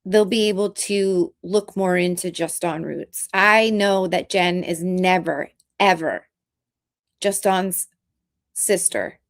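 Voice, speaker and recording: Earnest woman with a gravelly edge. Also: lowish voice, steady tone. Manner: earnest, halting, emotional. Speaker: vlogger. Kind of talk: casual commentary vlog.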